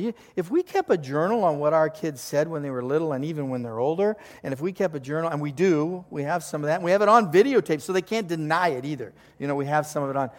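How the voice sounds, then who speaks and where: Chatty older male pastor, slightly high voice. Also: darkish tone, big-room sound. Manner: conversational, joking storyteller. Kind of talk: sermon.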